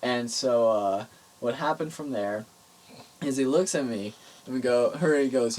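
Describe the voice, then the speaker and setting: A young man co-hosting a podcast, telling stories in a jokey, animated way. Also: medium pitch, a little slow, rough recording. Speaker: podcast co-host. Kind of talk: casual podcast chat.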